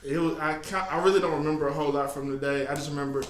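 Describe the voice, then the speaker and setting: A man telling a story in casual chat, speaking haltingly with fillers and restarts. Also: fairly high pitch, steady tone. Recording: echoey room.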